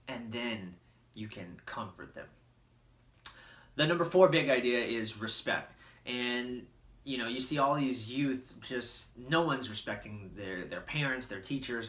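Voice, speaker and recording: A man's voice: mid-range voice, fairly bright tone, reverberant. A man giving an earnest, plain-spoken parenting talk to camera, full of "you know" fillers.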